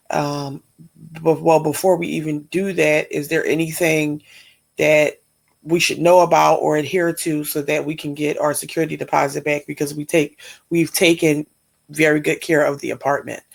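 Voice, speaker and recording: A woman's voice: deep voice, vocal fry. A woman from Pennsylvania hosting a reaction channel, giving casual, critical, exasperated commentary.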